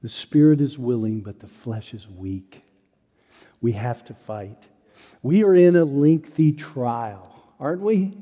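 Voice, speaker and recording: A man preaching a sermon, telling a story with earnestness, rising high and loud on quoted denials and dropping low and soft on solemn points. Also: expressive, slow, long reverb tail. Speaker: pastor.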